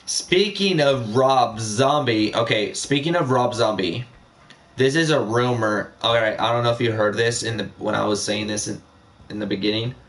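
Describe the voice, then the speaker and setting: A man's voice: mid-range voice, normal speed, a bit bright. A young man chatting casually on a live stream, rambling with many fillers and repeating himself.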